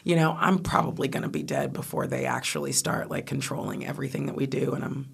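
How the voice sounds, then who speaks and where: American woman comic guest, lively chatty delivery, laughs often, restarts mid-thought. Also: rumbling low, fast, gravelly, breathy edge. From United States. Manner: animated, laughing, trailing restarts. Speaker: comedian guest. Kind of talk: casual interview chat.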